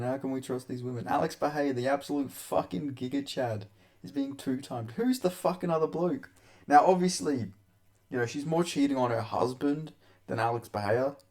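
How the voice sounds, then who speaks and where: A man's voice: mid-range voice, a little mellow. A young man hosting a casual commentary vlog, talking crudely with lots of swearing, rambling and often laughing. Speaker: MMA commentary host.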